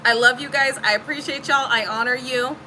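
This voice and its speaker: A woman's voice: high-pitched, fairly even intonation, a little fast, bright, forceful tone, slight background noise, low-quality recording. A woman giving a casual spiritual reading to her viewers, emphatic and preachy, swearing freely. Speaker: spiritual reader.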